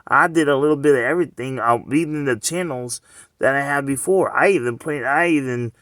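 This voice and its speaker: A man at middle pitch, talking in a loose, rambling way straight to the camera. He keeps circling back with rhetorical questions and filler phrases. His voice is close and dry, with no room echo. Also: brisk, fairly bright tone. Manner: loose and conversational, heavy on "you know what I'm saying".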